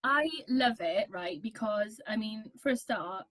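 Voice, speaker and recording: A woman in her thirties chatting as a guest on a video call, enthusiastic and quick to laugh. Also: medium pitch, a bit bright. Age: 30s. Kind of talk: casual chat.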